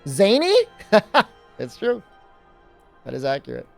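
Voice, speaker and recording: A man's voice: high-pitched, wildly swooping pitch, slow pace, gravelly, soft background music. A man from New England chatting casually as a game streamer, rambling with lots of filler words and frequent chuckles. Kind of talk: casual chat while gaming.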